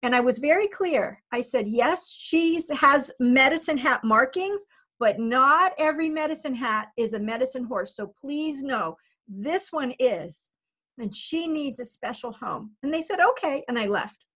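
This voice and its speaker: A woman who works as an animal communicator, telling a story in a lively, chatty way and laughing often. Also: sits high, measured pace. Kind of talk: storytelling in casual chat.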